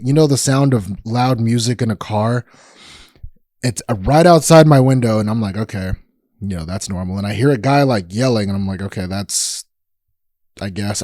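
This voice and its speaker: A man's voice: fairly low pitch, mellow, no echo. Profane rambling man telling a story. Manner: profane, rambling, emphatic outbursts. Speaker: podcast host. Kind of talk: casual storytelling chat.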